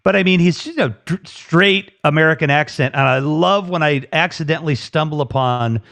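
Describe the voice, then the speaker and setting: A man's voice: on the high side, normal speed, a bit bright. Live-show host, man with a raised voice, loose rambling delivery. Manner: rambling, repeats himself, reads viewer comments. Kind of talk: casual live interview.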